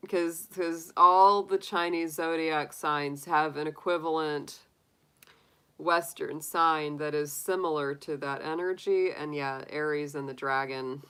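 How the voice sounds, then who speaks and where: A woman's voice: low voice, fairly even intonation, measured pace, fairly bright tone, smooth, rough recording. A woman hosting a tarot live stream, chatting casually with viewers, laughing often and acting out little quotes.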